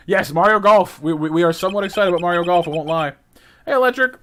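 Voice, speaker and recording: A man's voice: high voice, fast, background noise. A man streaming a game, casually and cheerfully greeting viewers in chat. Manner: friendly greetings to chat, upbeat.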